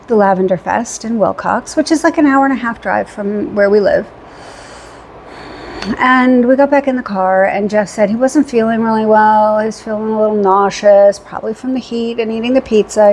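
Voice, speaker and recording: A woman vlogger tells a long weekend story in a loose, chatty way, full of ums and restarts. She acts out bits of what people said. Her voice sits at an average pitch, and faint noise runs behind it. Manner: chatty, rambling, with fillers; animated retelling with quoted dialogue. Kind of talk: casual storytelling recap.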